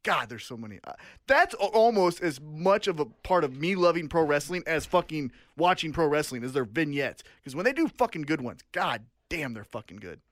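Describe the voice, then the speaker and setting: A man co-hosting a wrestling podcast who tells stories in a profane, animated way. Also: fairly high pitch, moderate pace, no echo. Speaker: podcast co-host. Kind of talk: casual chat.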